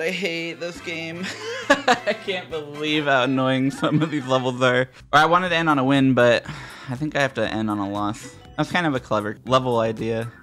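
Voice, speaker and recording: A man giving profane, frustrated commentary while playing a video game. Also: mid-range voice. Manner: frustrated, profane, exasperated muttering at other players. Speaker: gaming YouTuber. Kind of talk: gameplay commentary.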